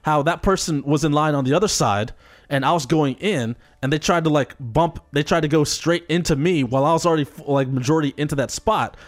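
A man in casual chat, telling a story in an animated and profane way. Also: on the high side, brisk.

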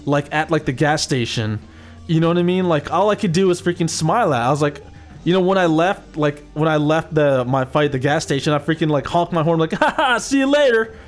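A man in casual chat, telling road stories in a profane, animated way. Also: a little high, brisk, soft background music. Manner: profane, animated storytelling with acted-out quotes.

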